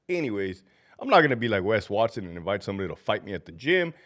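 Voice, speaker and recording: This livestream host speaks fast in a low-ish, sing-song voice with a slightly bright tone. Feverish and unwell, the ex-prison officer curses heavily and keeps breaking into rants and laughter between hellos to his viewers.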